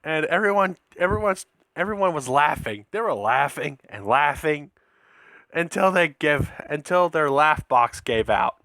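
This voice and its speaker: Male storyteller, slightly high and very bright, slow and stumbling, rambles with restarts, dry close sound. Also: lively intonation, creaky, no echo. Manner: rambling, with many restarts and repeated words. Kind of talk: casual spoken fan-fiction story.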